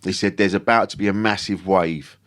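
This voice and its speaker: A low-pitched man chats casually as a podcast guest. He rambles through his stories, restarting sentences and swearing freely. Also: steady tone, a little fast, fairly bright tone. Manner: rambling storyteller, self-interrupting, swears freely. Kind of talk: casual chat.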